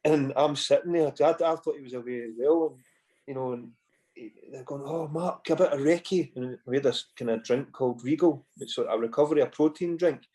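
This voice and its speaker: A Scottish man in his forties tells stories in a loose, conversational way. His speech wanders through asides and restarts. His pitch sits in an ordinary middle range. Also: brisk, dark tone. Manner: rambling anecdotes with frequent "you know" and swearing. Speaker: podcast guest, former footballer. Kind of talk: casual storytelling chat.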